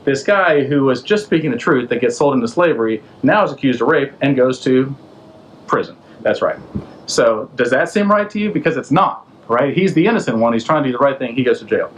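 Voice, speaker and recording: With an animated, brisk delivery, a man in a rough recording casually retells a Bible story as a podcast host. His mid-range voice suits his loose, slangy, conversational storytelling, and he asks the listener questions along the way.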